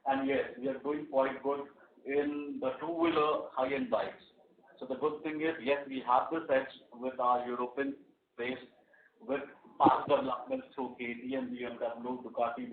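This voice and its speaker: Executive on an echoey phone line. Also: male voice, mid-range voice. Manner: measured, fillers and restarts, business jargon. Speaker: company executive on earnings call. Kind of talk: conference call answers.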